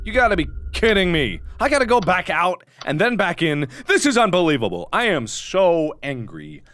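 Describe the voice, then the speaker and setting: A man hosting a gaming video, giving let's play commentary with loud, exaggerated, mock-angry outbursts. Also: sits high, sing-song, normal speed, no room sound.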